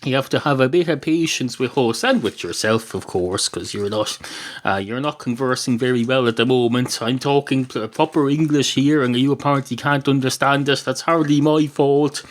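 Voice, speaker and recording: A man's voice: medium pitch, moderate pace, natural voice. An Irish man voicing a pedantic, argumentative talking penguin in a comic podcast joke, talking in a fussy, lecturing way.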